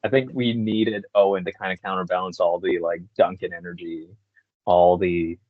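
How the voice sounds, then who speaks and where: A man's voice: deep voice, steady tone, moderate pace, dry recording, phone-quality sound. A young man, a voice actor, chatting casually as a podcast guest, laid-back and often laughing. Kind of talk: casual chat.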